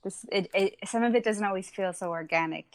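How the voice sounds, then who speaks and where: A woman's voice: medium pitch, brisk, dry recording. A young adult woman with a Long Island accent, a musician chatting as a podcast guest, laughing often and filling with "like.". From Long Island, New York. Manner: laughs often, many fillers and restarts. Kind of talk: casual interview chat.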